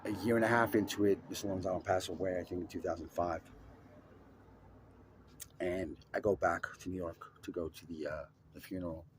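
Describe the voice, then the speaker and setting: A man telling a personal story in an emphatic, profane way, swinging between loud and hushed. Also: low voice, steady tone, brisk, slight background noise.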